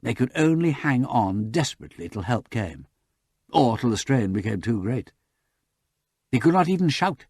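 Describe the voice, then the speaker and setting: A man reading a novel aloud as an audiobook narrator, with dramatic, lively narration. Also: medium pitch, moderate pace, slightly rough, dry recording, clean studio sound. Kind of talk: scripted narration.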